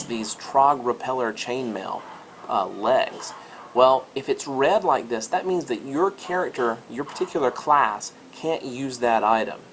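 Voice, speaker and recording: Guy doing a chatty game walkthrough for teachers, upbeat, bit of faint noise behind. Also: medium pitch. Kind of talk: screen-recorded game tutorial.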